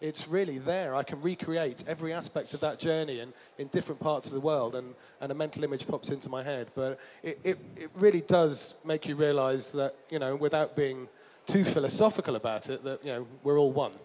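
Man, slightly high voice, rambling, self-deprecating, travel anecdotes, faint background hum. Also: brisk, a little mellow. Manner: rambling, self-deprecating, many fillers and restarts. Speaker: traveller and author, interview guest. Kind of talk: casual storytelling interview.

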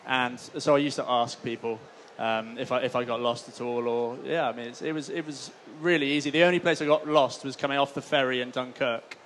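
A man with a middle-pitched voice answers in a loose, rambling way, easy and unhurried. Light noise is heard behind him. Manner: relaxed, rambling. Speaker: touring cyclist on a panel. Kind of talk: casual panel answer.

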